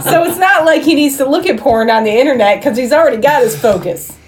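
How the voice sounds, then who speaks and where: A woman with a fairly high voice adds her take on a film in a relaxed podcast chat. She explains things matter-of-factly, with laughter running through her words. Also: fast, over a noisy crowd. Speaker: podcast co-host. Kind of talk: casual movie chat.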